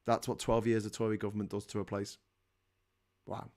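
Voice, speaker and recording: A middle-aged English man with a Liverpool accent hosts a casual livestream, ranting, swearing a lot, and reading out chat messages with sarcasm. His voice is fairly low and a little mellow, delivered flatly and fairly quickly.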